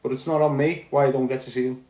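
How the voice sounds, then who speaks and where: A man's voice: steady tone, quick pace. Liverpool man, 30s, blunt profane podcast monologue, roomy echo. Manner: blunt and profane, swings between loud outbursts and low muttering. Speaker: podcast host. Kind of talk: candid monologue.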